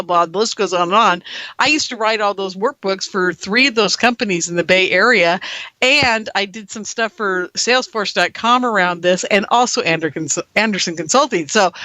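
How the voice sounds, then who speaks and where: Animated bright-voiced woman radio host. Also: no echo. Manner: animated, acts out others' lines with big pitch jumps. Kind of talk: casual storytelling monologue to listeners.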